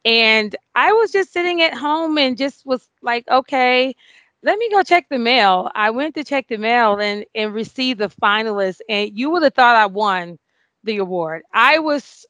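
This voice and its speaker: A woman in her forties, a nurse being interviewed, telling an emotional story with many fillers and excited outbursts. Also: a little high, a little slow, no room sound. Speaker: award-winning nurse guest.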